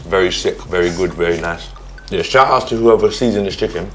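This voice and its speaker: A laid-back man with a London accent talks casually in a slangy, relaxed way. His voice is very deep, and there is a noisy background behind him. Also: fairly quick. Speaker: music artist guest. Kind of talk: casual chat.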